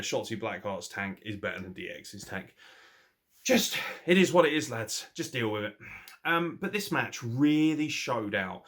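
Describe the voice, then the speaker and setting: A man with an English accent and a somewhat low voice reviews a wrestling show off the cuff. He rants and swears freely, laughs often, and keeps his delivery animated. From England. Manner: ranting and profane, animated, quick to laugh. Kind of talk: casual spoken review.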